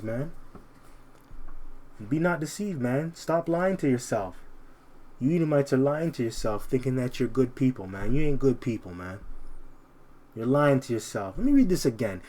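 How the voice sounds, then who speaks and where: A man preaching in a loose, street-style way, pressing his points again and again. His voice sits at an ordinary middle pitch, and he slows down deliberately whenever he reads a verse. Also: mellow. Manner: emphatic, repetitive, ends phrases with "man"; slows down to read verses aloud. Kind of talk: informal scripture preaching.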